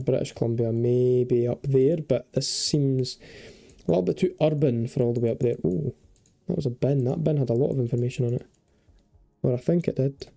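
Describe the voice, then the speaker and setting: A man's voice: medium pitch, vocal fry, mellow. A young man giving chatty, casual commentary while playing a geography game, thinking aloud and swearing and joking freely. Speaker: gaming video creator.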